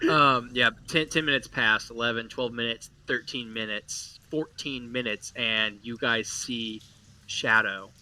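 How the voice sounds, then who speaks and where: Bright-voiced man running a tabletop game. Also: mid-range voice, fairly even intonation. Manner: casual, halting narration with fillers. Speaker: game master.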